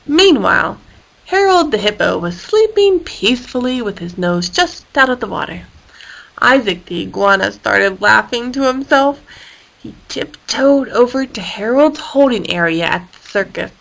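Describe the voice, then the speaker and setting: A woman reading a children's story aloud in a playful, animated way with sound effects. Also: on the high side, a little slow, vocal fry, rough recording.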